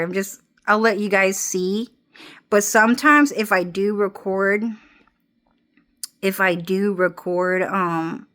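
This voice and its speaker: A woman's voice: on the low side, bright, forceful tone. A young woman talking into her phone camera in a rambling vlog, swearing often, restarting and repeating her phrases, and breaking into laughs. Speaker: vlogger.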